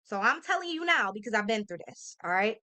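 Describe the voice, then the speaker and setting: A woman's voice: on the high side, sing-song, a little fast, bright, forceful tone. A woman in her thirties giving an earnest, heartfelt motivational talk to camera, often checking in with her listeners and talking in a casual, emphatic way. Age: 30s. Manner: earnest, emphatic, addresses listeners directly with "y'all" and "okay?"; casual speech with slang and fillers. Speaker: motivational vlogger.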